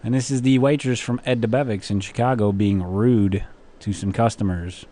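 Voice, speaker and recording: A man's voice: on the low side, fairly even intonation, moderate pace, mellow. A man hosting a college radio show in the studio, chatting casually, joking and laughing often.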